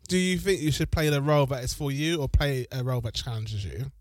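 A man's voice: medium pitch, a little fast, darkish tone, dry recording. A man co-hosting a podcast, trading dry, teasing quips in a casual recap chat. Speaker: podcast co-host.

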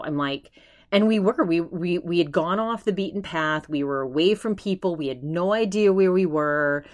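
Chatty woman podcast host, slightly low voice. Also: normal speed. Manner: chatty and animated, with many restarts and acted-out quotes. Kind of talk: casual solo storytelling.

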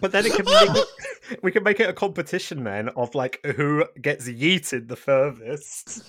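Guest, higher voice with lively swings, playful riffing, easy chat. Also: male voice, moderate pace, a little hiss or hum. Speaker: guest podcaster. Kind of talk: casual film podcast chat.

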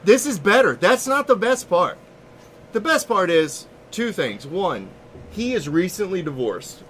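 Male podcast co-host, bright and slightly high, animated, profane storyteller. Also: unhurried, slight background noise. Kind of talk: casual chat.

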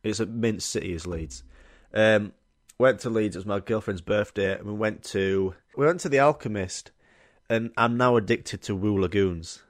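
A young man hosts his own podcast, telling rambling, jokey stories full of swearing in a casual solo format. His voice sits fairly low and moves at a moderate pace.

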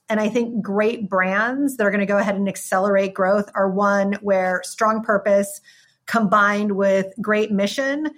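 A woman's voice: medium pitch, a bit bright. A woman answering interview questions as a wine company executive, in polished business language.

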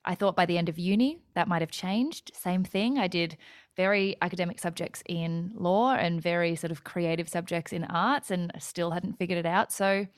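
Chatty Australian woman, lower voice. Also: normal speed, dry recording, clean studio sound. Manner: talkative, goes off on tangents. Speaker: guest. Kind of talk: casual interview chat.

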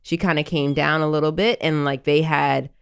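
A woman's voice: deep voice, steady tone, normal speed, vocal fry, clear, resonant tone. A woman, hosting a podcast and telling a candid, reflective story with many filler words. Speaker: podcast host.

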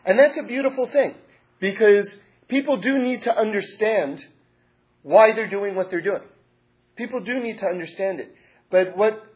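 Husky high-voiced religious teacher, earnest storyteller, dull lo-fi sound. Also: male voice. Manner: repetitive, earnest, stacks adjectives. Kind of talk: storytelling talk. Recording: dull lo-fi recording.

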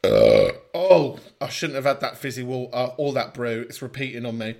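A man's voice: medium pitch, normal speed, gravelly. A man hosting a podcast in a chatty, sweary way, with playful mock outrage. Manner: chatty and animated. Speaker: podcast host. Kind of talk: casual monologue, reading listener messages.

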